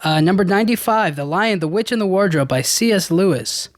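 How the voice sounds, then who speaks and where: A man's voice: high-pitched, animated, brisk, dry recording, clean studio sound. Rambling casual male podcast host. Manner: rambling, many restarts and fillers, casual slang. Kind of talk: casual solo podcast chat.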